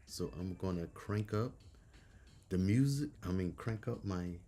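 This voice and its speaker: A middle-aged man hosting a live drawing stream in casual chat, speaking softly and rambling, slightly hoarse from a cold and clearing his throat often. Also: deep voice, a little slow.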